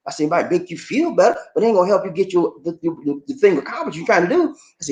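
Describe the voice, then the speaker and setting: Animated man hosting a livestream. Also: high voice, rapid-fire, hardly any pauses. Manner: animated, shouts catchphrases, reads comments aloud and reacts. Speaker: livestream host reading viewer comments. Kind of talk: casual livestream chat.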